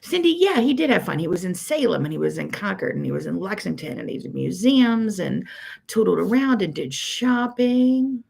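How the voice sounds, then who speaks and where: This quilting teacher from Pittsburgh, USA hosts her weekly livestream casually, rambling and chatting with plenty of "um"s while greeting viewers by name in her Pittsburgh accent. Her mid-range voice swings widely in pitch at a moderate pace, sounding gravelly, husky and a little mellow.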